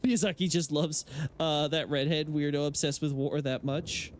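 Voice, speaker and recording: Male lore streamer, higher-pitched, rambling and opinionated, casual on-stream chat. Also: steady tone, moderate pace, a little hiss or hum. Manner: rambling, frequent fillers and restarts, opinionated. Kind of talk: casual live-stream chat while playing.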